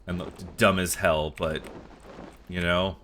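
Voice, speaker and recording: Deep-voiced sarcastic male streamer. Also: little pitch movement, takes it slowly, a bit bright, slight background noise. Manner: joking, sarcastic. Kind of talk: casual live-stream chat.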